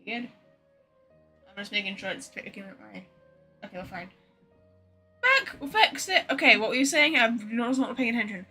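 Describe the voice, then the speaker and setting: A woman's voice: on the high side, lively intonation, moderate pace, long pauses, sharp tone, slightly rough, soft background music. A young British woman chatting casually on a game stream, laughing easily and reacting aloud. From Britain. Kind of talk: casual live-stream chat.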